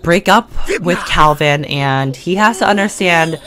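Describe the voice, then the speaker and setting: A woman with a notably low voice talks her way through a life-sim game into a desk condenser mic. Her commentary is loose and full of slang. She chats straight to the characters and breaks into sudden excited or mock-scared outbursts. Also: unhurried. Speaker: gaming video creator. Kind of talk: casual let's-play commentary.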